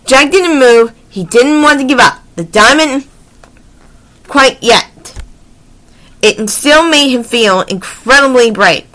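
A woman reading children's books aloud in an animated, expressive way with chatty asides. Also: sits high, slow pace. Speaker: story reader.

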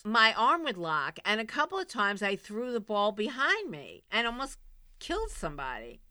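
A blunt, animated woman tells a candid personal story as a recovery program host, swinging between loud exclaims and quiet asides. Her voice is bright and forceful. The sound is dry and close. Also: medium pitch, clean tone, no echo.

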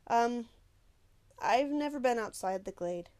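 A nervous young boy, put on by a woman reading aloud. He blurts his lines a touch high and loud, eager to keep up. It is a storybook voice. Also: lively intonation, unhurried. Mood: evasive.

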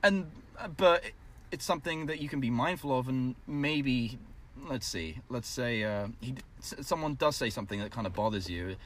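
A man's voice: medium pitch, normal speed. A man hosting a casual group chat, talking in a reflective, rambling way with many fillers.

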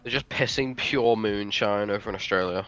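A man's voice: on the low side, moderate pace, fairly bright tone, dull audio. A man in casual online chat, swearing and bantering with friends over a voice call. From Britain.

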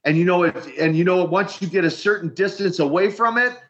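An older man, a retired wrestler, telling lively stories in an interview and acting out the quotes. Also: high-pitched, brisk. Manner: lively storyteller, acts out quotes. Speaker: retired pro wrestler guest. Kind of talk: animated storytelling interview. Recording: muffled lo-fi audio.

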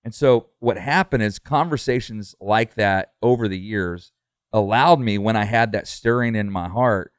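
A man's voice: fairly low pitch, moderate pace, clean tone, no room sound, studio quality. A middle-aged man, a pastor, talking earnestly in a casual podcast conversation, full of fillers and restarts.

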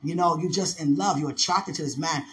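High-voiced D.C. man telling stories. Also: fairly quick, slight background noise. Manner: animated, laughs often, drops into other voices. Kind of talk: casual storytelling chat.

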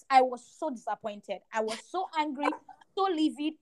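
A young woman with a high, bright voice tells a personal faith story on a podcast. She is animated and emphatic and leans on repetition to drive her points home. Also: normal speed. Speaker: podcast co-host. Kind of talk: faith testimony chat.

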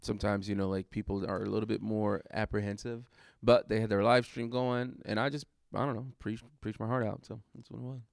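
A man's voice: fairly low pitch, level tone, fairly quick, creaky, hardly any pauses, no echo, clean studio sound. A man recounting a sermon he preached, talking it through thoughtfully with lots of fillers and restarts. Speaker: guest preacher. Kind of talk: casual conversation about a sermon.

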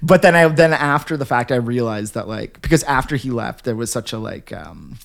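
A man's voice: medium pitch, normal speed, vocal fry. Guy on a podcast telling a story, voice jumps up and down a lot, says like constantly. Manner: rambling, heavy filler "like", animated retelling. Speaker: podcast co-host. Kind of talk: casual storytelling chat.

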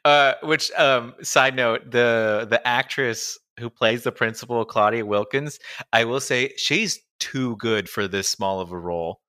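Young male co-host, bright tone, animated storyteller. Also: medium pitch, unhurried, no echo, studio quality. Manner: animated storyteller, acts out movie scenes. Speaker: podcast co-host. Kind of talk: casual chat.

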